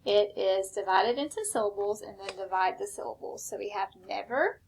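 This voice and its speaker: A woman teacher giving a recorded spelling lesson, slow and patient, step by step. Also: medium pitch, creaky, slight background noise.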